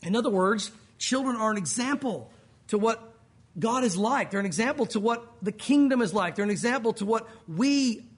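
High-voiced husky male pastor preaching. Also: moderate pace. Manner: animated, acts out voices of people he quotes. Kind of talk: sermon.

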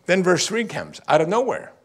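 Middle-aged male pastor, expressive sermon delivery, pitch swings widely from punchy emphasis to near hush. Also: normal speed. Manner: animated preaching, swinging between emphatic and hushed.

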